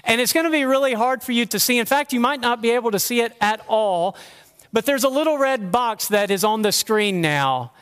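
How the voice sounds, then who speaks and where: A man's voice: extremely high pitch, lively intonation, fairly quick, a bit bright, clear, resonant tone. A man preaching a sermon as pastor, earnest and conversational, asking the listeners rhetorical questions. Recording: long hall reverb.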